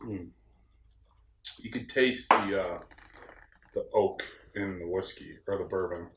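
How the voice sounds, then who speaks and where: Rambling upstate New York man, low voice. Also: takes it slowly, heavy background noise. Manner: rambling, plain-spoken, folksy. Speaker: podcast host. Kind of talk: casual solo talk. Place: room on a ranch. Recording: roomy echo.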